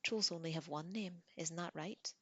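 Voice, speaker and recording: A woman's voice: on the low side, moderate pace, slightly rough, no room sound, highs cut off. A woman doing a teasing young woman. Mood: coaxing. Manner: teasing, coaxing. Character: young woman, playful and coaxing, confident. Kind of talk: audiobook reading.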